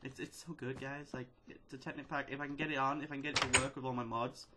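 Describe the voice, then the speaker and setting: A man hosting a casual let's-play video, excitedly chattering at the characters in his game. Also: medium pitch, quick pace. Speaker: gaming video host. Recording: loud steady background noise.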